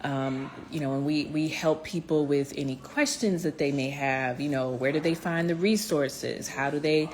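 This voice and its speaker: Her talk is a heartfelt motivational vlog aimed right at viewers, encouraging but peppered with fillers and restarts. The low-pitched, darkish voice holds a steady tone at a moderate pace with few pauses, and there's slight background noise.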